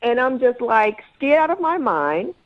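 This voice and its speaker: A woman's voice: a little high, measured pace. A woman calling in to a radio show, indignantly retelling a bad date. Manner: indignant, animated storytelling. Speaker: caller. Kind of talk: heated radio call-in. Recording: lo-fi phone line.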